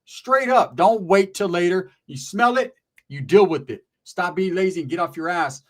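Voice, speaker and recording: Man, middle-aged, fairly high voice, casual storytelling, street slang, profane, emphatic. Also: normal speed. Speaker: channel host.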